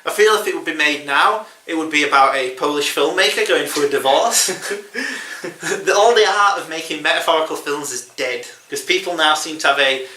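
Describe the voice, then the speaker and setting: A man's voice: on the high side, moderate pace, pushed and bright, reverberant, distant mic. A man hosting a casual film review chat, rambling and chuckling often. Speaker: film review podcast host.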